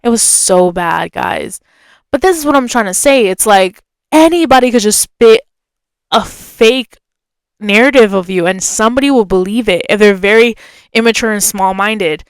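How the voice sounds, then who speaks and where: A woman podcast host telling a story in a casual, chatty way. She leans on "like" as a filler and jumps her pitch when she acts out other people's voices. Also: normal speed, clear, resonant tone, dry recording.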